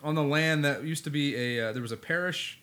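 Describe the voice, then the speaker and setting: A man's voice: a little high, a little fast, pushed and bright. A man co-hosting a casual podcast, talking in a laid-back, rambling way with plenty of fillers. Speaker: podcast co-host.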